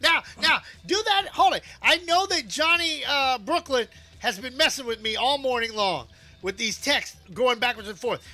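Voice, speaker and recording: A man's voice: extremely high pitch, animated, normal speed, sharp tone. A man hosting a morning radio show, playful and teasing in casual banter with his co-host.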